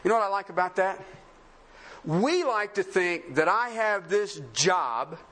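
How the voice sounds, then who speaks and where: A man's voice: high-pitched, expressive, measured pace, a bit bright. A man preaching a sermon in a conversational, sarcastic way, full of rhetorical questions. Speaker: pastor.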